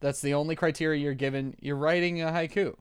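A man's voice: a little high, steady tone, fast talker, clean tone, no room sound, studio quality. A man co-hosting a podcast, chatting casually in a joking, rambling way and laughing often. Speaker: podcast co-host. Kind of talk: casual chat.

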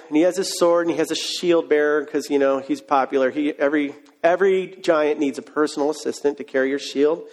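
A man preaching a sermon, retelling a story in a casual, joking way. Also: sits high. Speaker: pastor.

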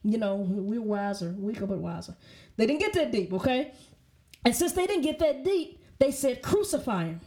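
A woman's voice: a little high, expressive, moderate pace, mellow. A woman teaching a Bible study in an emphatic way, often checking in with "okay?" and restarting her sentences.

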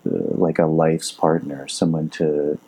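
A man's voice: extremely low pitch, level tone, unhurried, mellow, slightly rough. A man hosting a podcast in casual, reflective conversation, thinking aloud and searching for words. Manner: thoughtful, searching for words with fillers. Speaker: podcast host.

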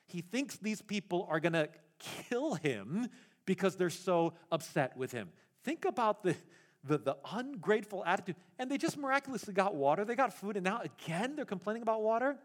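A man preaching a sermon as pastor, animated and acting out the voices in the story, laughing at his own retellings. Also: sits high.

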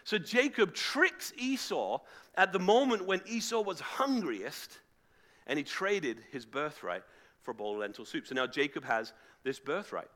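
A man preaching to a live congregation, retelling a story in a casual, animated way and acting out the voices of its characters. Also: a little high, unhurried. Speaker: pastor. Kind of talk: sermon storytelling. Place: church hall with live audience, also streamed online.

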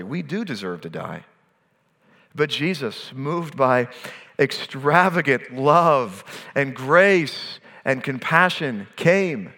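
A man preaching a sermon, earnest, slowing down to stress key phrases and letting his voice fall at the ends of lines. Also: mid-range voice, a bit bright, in a large hall. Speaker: pastor.

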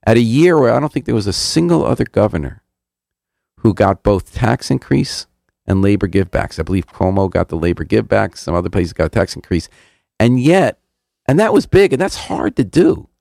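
An older man hosting a radio show, with a deep, gravelly voice. He fires off pointed questions at a fast clip. The studio sound is dry and close. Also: very animated, a little mellow, no echo. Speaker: radio host. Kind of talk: radio interview.

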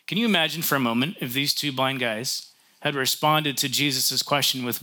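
A male pastor delivers a sermon in an easy, conversational manner at normal speed, tossing in light jokes and often restarting his sentences. His voice is middle in pitch with a very bright, sharp edge.

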